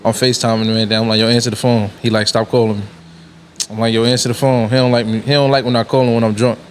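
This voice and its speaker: A man co-hosting a casual podcast, joking and rambling in an animated way. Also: mid-range voice, fast, a little hiss or hum. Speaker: podcast co-host.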